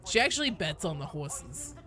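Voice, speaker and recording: A woman in her thirties streams a game and chats casually with her viewers, joking and answering their questions. Her voice is bright and lively, and now and then she breaks into loud, sweary outbursts. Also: lowish voice, moderate pace.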